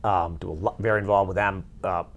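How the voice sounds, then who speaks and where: A man interviewing a hotel executive, eager and full of quick interjections. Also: sits low, steady tone, a little hiss or hum. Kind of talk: business interview.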